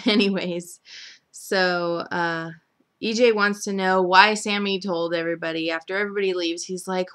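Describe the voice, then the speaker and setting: A woman's voice: lowish voice, fairly even intonation, a little slow, a bit bright. A young woman chattily recapping a soap opera week, full of "like" and "um" fillers, briefly mimicking the characters. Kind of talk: casual recap chat.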